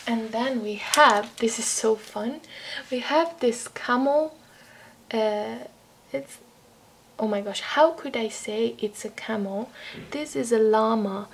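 A woman with an Italian accent, a craft vlogger with a sore throat, chatting softly as she shows off mail she received and sometimes drops to a whisper. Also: a little high, slow pace. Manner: soft-spoken, drops to whispers, apologetic asides. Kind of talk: casual show-and-tell chat.

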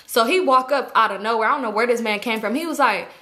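A young woman telling a story in a casual, animated, profane way, acting out what people said. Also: a little high, quick pace. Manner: animated, profane, acts out quoted voices. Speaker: storytime vlogger.

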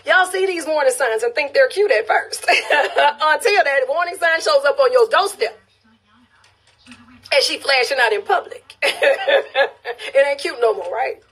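A woman's voice: sits high, lively intonation, a little slow, fairly bright tone. A woman from Louisiana with a Louisiana accent hosting a casual phone live stream. She reads viewer comments, laughs often and repeats phrases for emphasis. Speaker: livestream host.

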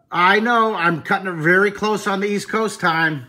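Excitable, bright-voiced drawing teacher. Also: male voice, high-pitched, normal speed, hardly any pauses. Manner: excitable, chatty, rambling. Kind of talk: live-streamed casual chat. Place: living room of a friend's house. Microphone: handheld camera phone.

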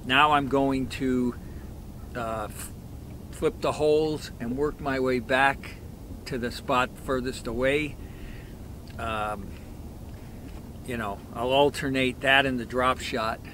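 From a boat on a river, a fishing vlogger with a medium-pitched voice narrates his trip in a slow, easygoing manner, sometimes talking to the fish he catches. It's recorded on an action camera, with boat and water noise in the background.

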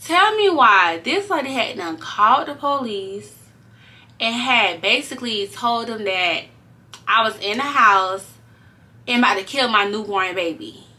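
A young woman telling a story to her viewers in a casual, animated way, swearing freely as she goes. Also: fairly high pitch, unhurried. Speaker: vlogger.

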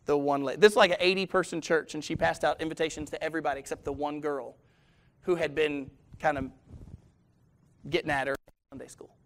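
A man's voice: fairly high pitch, fairly even intonation, fairly quick. A man preaching a sermon as pastor, telling stories, putting questions to the congregation and chuckling now and then.

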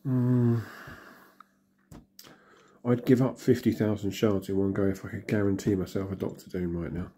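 A hoarse man, still recovering from illness, casually commenting and muttering reactions as he opens in-game crystals. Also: fairly low pitch, fairly even intonation, moderate pace, long pauses, warm tone, a little hiss or hum. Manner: chatty, mutters reactions to himself. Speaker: gaming channel host.

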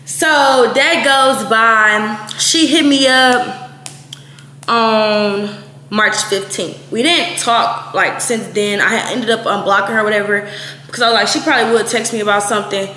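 A woman in her twenties, from Texas, telling a story in a blunt, profane, animated way, quoting people as she goes. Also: on the high side, a little slow. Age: 20s. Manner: blunt, profane, animated retelling with quoted voices. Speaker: vlogger. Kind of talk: casual storytime. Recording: echoey room, faint noise.

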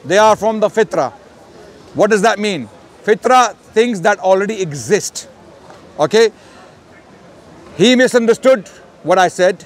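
A man debating in the street, talking loudly and insistently to the camera. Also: sits high, lively intonation, unhurried, pauses often. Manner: emphatic, loud and insistent. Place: outdoors on a city street.

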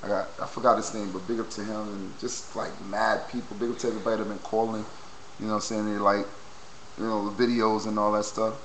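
A young man vlogging into a low-quality webcam, excitedly reacting and repeating exclamations. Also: a little fast, a little hiss or hum. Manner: hyped, repetitive exclamations. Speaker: video blogger.

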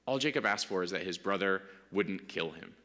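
A man preaching a sermon as pastor, talking in a casual, animated way with many fillers. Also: low voice, moderate pace, long reverb tail. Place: church sanctuary.

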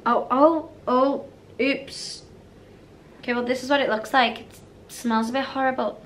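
A woman's voice: sits high, steady tone, measured pace, slight background noise. A British woman vlogging a casual haul, chatty and rambling, often drifting off topic. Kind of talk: casual haul vlog chat.

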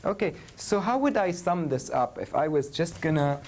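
A man's voice: on the high side, animated, normal speed, darkish tone, a little hiss or hum. Man teaching a French class. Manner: switches between English and French, checks in with students. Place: university classroom.

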